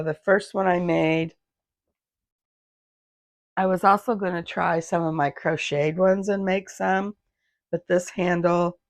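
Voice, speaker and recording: A woman with a hoarse, gravelly voice chatting casually in her sewing vlog. She rambles, loses her thread and restarts while recording on a phone in her home sewing room. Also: low voice, no echo, clean studio sound. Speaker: handmade business owner, vlogger.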